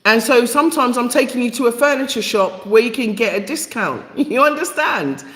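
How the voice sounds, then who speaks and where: A woman's voice: a little high, expressive, moderate pace, fairly bright tone. A British woman with a Jamaican-tinged accent, chatting casually and bluntly on a live vlog, full of fillers and plain talk. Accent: Jamaican-inflected British. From England. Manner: chatty, blunt and playfully outspoken, with many fillers. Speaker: vlogger and repatriation helper. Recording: echoey room with long reverb.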